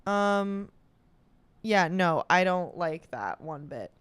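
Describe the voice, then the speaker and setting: A woman's voice: on the low side, lively intonation, takes it slowly, clear, resonant tone, dry recording. A young woman chatting casually and reacting as she goes, swearing and laughing often. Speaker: comedian doing a quiz on camera. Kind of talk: casual solo chat.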